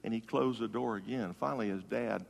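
A male pastor preaching a funeral sermon, swinging from loud emphatic calls to hushed, soft tones. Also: fairly low pitch, fairly quick, creaky, in a large hall.

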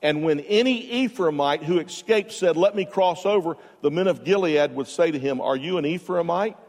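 A man preaches to his congregation, moving between loud, emphatic points and soft, quiet storytelling. His voice sits a touch high, and a long reverb from a large hall trails each phrase. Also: normal speed. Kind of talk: sermon.

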